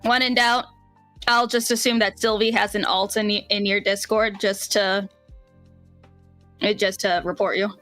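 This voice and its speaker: Wanita bersuara cerah, ngobrol santai. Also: female voice, mid-range voice, level tone, moderate pace, pauses often, fairly bright tone, soft background music. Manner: chatty, wry, trailing fillers. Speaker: podcast co-host. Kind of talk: casual chat.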